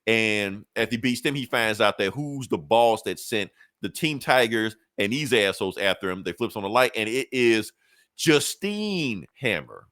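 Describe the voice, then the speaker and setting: A man hosting a podcast, recapping a comic book in a casual, profane, animated way. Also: on the low side, normal speed, no echo. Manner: profane, animated storyteller, slips into characters. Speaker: podcast host.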